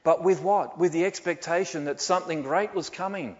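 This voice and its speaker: A man's voice: fairly high pitch, normal speed. Older man preaching in reverberant hall. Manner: animated preaching with rhetorical questions. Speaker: pastor. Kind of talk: sermon. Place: church hall. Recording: dull sound with long hall reverb.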